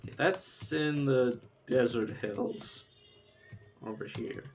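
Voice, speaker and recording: A man's voice: medium pitch, lively intonation, slow pace. A man streaming a game live, talking casually and thinking aloud as he plays. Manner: muttering and thinking aloud while playing. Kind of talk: casual live gameplay commentary.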